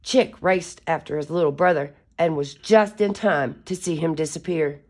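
A woman's voice: deep voice, moderate pace. A woman reading a children's picture book aloud in a careful, teacher-like way. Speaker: story reader for children.

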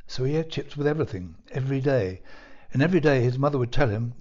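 A man reads his own storybook aloud, measured and playful. His voice is mellow and dark, with a middle pitch, and the recording sounds dull and lo-fi. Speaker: author.

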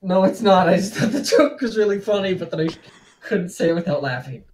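Animated, playful player voice with a middle pitch. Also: brisk, a little hiss or hum. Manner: playful, lively, jokey. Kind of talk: casual chat at a game table.

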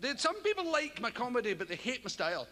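A man's voice: very animated, quick pace, sharp tone, a little hiss or hum. An older Scottish man doing a rambling, profane stand-up routine on a theatre stage. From Scotland. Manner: rambling, profane, bursts into high mocking voices. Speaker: stand-up comedian. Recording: live theatre recording with hall reverb. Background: audience laughter.

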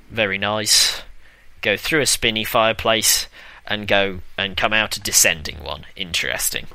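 A young man jokes and swears his way through a video game, his voice strikingly bright. Faint game music plays behind him. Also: fairly low pitch, moderate pace. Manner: sarcastic, swears, hums tunes. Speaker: let's play commentator. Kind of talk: casual gameplay commentary.

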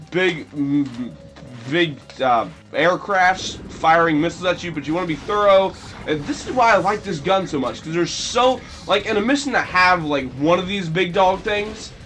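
A man's voice: on the high side, fairly bright tone. Sarcastic young man rambling over a game. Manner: rambling, sarcastic, jokey mock-dramatic outbursts. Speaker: let's play commentator. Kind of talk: gameplay commentary.

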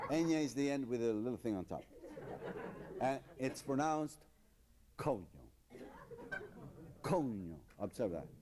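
A man doing stand-up as a mock language lesson, with deadpan teacherly drills and slow, exaggerated pronunciation. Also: mid-range voice. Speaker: comedian. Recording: noisy live comedy recording.

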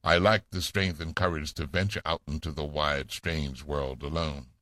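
A man's voice: very deep voice, fairly even intonation, normal speed, sharp tone, no echo, studio quality. A man voicing an anguished, guilt-stricken male minister in a storybook reading. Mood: despairing.

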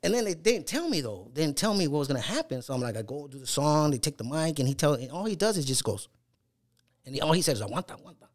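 A man's voice: fairly high pitch, very animated, quick pace. A middle-aged man telling stories as a guest, swearing often and acting out the voices of people he quotes. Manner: profane, acts out quoted voices. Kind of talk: casual storytelling.

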